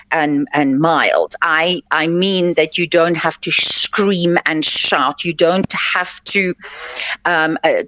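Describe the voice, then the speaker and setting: A woman's voice: lowish voice, fairly bright tone, no echo. A woman life coach hosting a radio advice show, talking earnestly and instructively with many fillers and restarts. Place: radio studio. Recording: dull lo-fi, dry radio audio.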